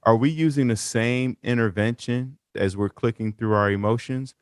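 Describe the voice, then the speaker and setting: A man's voice: mid-range voice, moderate pace, smooth, no echo, studio quality. A man hosting a podcast interview, asking long questions with many repeated words and restarts. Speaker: podcast host.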